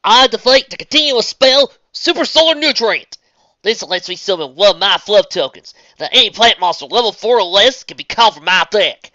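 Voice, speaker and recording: A reader voicing a brash young Southern cowgirl card duelist in a put-on Southern drawl, loud and showy. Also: mid-range voice, expressive, moderate pace, no room sound, lo-fi sound, pitched above the performer's own voice. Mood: boastful. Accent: put-on American Southern.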